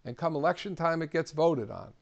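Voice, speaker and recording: A man leads an instructional civics session in a plain, practical manner. His voice sits a touch higher than most men's, and he talks with steady encouragement. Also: brisk, gravelly, muffled recording. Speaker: civic trainer. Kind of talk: instructional talk.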